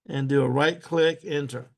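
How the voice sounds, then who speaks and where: A man teaching a step-by-step software tutorial. He repeats each step aloud patiently and keeps clearing his throat. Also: fairly high pitch. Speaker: instructor.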